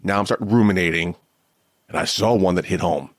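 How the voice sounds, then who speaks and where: Podcast host, male, low voice, dry close sound, candid rambling monologue. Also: a little fast, dry recording. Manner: candid, rambling, self-deprecating. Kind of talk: casual solo monologue.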